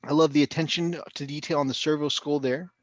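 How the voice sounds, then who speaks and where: A man co-hosting a hobby livestream in a casual chat, talkative and quick to laugh. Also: a little high, fairly even intonation, no room sound, lo-fi sound. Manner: chatty, laughs often, quick asides.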